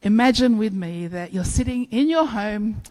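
Animated woman preaching a sermon. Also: on the high side, normal speed, poor audio. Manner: animated storytelling with playful acted-out dialogue.

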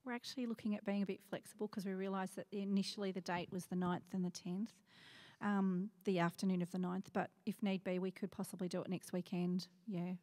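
A woman's voice: mid-range voice, level tone, a little fast, dark tone. Aussie woman explaining her move to church, rambles, corrects herself. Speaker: congregation member who is moving. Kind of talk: casual announcement.

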